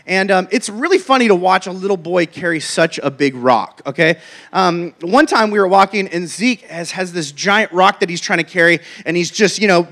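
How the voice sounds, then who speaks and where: A man with a notably high voice preaches in a loose, chatty manner. He tells his story with jokes and asides, keeping the sermon conversational. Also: a bit bright.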